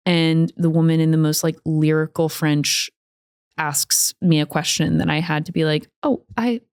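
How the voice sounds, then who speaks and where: A woman with a lowish voice chats her way through a story on a podcast. She laughs often and slips into little voices for quoted lines. The sound is close and dry. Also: monotone, normal speed, darkish tone, smooth, dry recording. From United States. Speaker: podcast co-host. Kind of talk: casual podcast chat.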